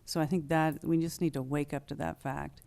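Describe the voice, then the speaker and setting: Low-pitched woman council member, earnest and deliberate, speaking on the record. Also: flat delivery, vocal fry, mellow. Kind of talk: council meeting statement.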